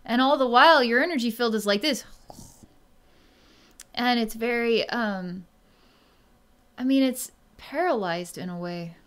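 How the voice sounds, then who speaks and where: A woman speaking as a psychic energy healer in a solo reading, talking slowly and softly with many pauses and fillers. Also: fairly high pitch, clear, resonant tone. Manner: slow, hesitant speech with many pauses and fillers; soft and quiet when tuned in. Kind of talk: solo reading monologue to camera.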